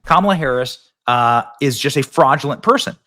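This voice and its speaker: A man's voice: mid-range voice, lively intonation, a little fast, sharp tone. A man hosting casual political commentary, sarcastic and mocking, sometimes mimicking voices.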